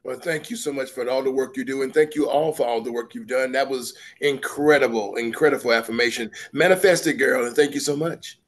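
A man leading a workshop, lively and encouraging, repeating his phrases. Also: mid-range voice, a little fast, few pauses. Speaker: workshop presenter. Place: conference workshop room.

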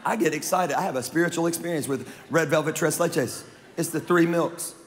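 Animated man preaching in a reverberant hall. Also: a little high, brisk, a little hiss or hum. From Louisiana. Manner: animated, joking preacher with crowd banter. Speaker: pastor. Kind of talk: sermon. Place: large church auditorium. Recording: long reverb of a large hall.

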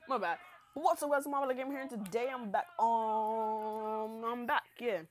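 A woman's voice: a little high, fairly even intonation, normal speed. A young woman hosting a casual gameplay video, chatty, hyped and self-mocking after staying up all night. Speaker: gaming channel host.

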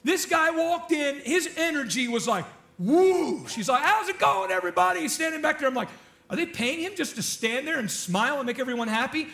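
A male pastor preaching in a relaxed, conversational way, with a very high voice for a man. He jokes and keeps asking the congregation questions. His tone is bright and forceful. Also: a little fast. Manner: chatty, joking, asks the congregation questions. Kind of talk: casual sermon.

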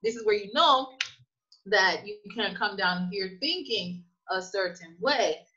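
A woman's voice: mid-range voice, unhurried, muffled recording. A woman guest in a conversational interview, telling stories emphatically and acting out quoted dialogue. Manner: emphatic, animated storytelling with acted-out quotes. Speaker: guest, immigrant business owner.

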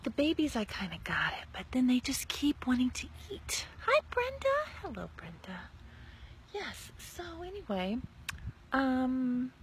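Lively chatty woman walking outdoors. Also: sits high, gravelly, a little hiss or hum. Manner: animated chatty storyteller, acts out quotes. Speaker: network marketer. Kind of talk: casual live-stream chat while walking. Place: outdoors in a residential neighborhood.

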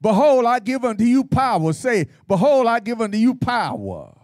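A man pastor leads a Bible study in a folksy, teasing call-and-response style. His voice sits high and swoops all over the place. The sound is dry and close. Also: sing-song, moderate pace, no echo. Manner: folksy, playful, call-and-response preaching with laughter.

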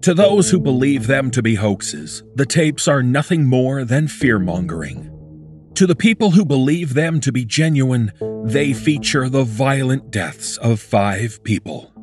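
A man's voice: medium pitch, lively intonation. Male narrator of a horror story over music. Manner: measured, documentary-like. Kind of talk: scripted narration.

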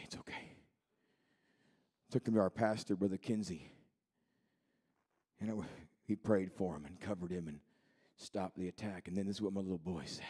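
A man in his thirties preaching a sermon in a church, moving between quiet storytelling and shouted, fervent preaching. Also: low voice, slightly rough. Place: church sanctuary.

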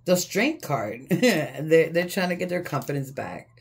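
A woman's voice: deep voice, very animated, measured pace, vocal fry, breathy edge. A woman giving a casual tarot reading, blunt and profane, often breaking into laughter. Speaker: tarot reader. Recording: faint background noise.

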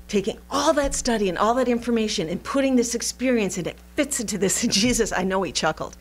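Animated woman teaching a Bible lesson. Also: medium pitch, fast, hardly any pauses. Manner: animated, playful, laughs often. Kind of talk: recorded Bible study lesson.

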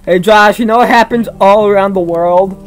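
A man co-hosting a casual gaming video, joking around and now and then breaking into loud yelps. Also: high voice, normal speed, faint music behind. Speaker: let's play co-host.

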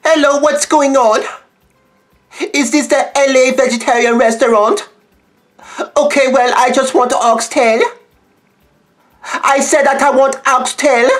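A man's voice: very high-pitched, steady tone, measured pace, pauses often, a bit bright. A man voicing a rude, demanding customer on the phone in a comedy skit, impatient and brusque.

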